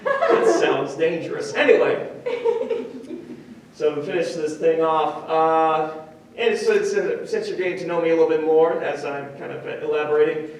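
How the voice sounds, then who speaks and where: A young man does a stand-up comedy set, rambling and self-deprecating, full of restarts. His voice sits fairly high, with a good deal of pitch movement. It rings through an echoey room and is heard from some distance away from the mic. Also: normal speed, a little hiss or hum. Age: young adult. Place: comedy stage before a live audience.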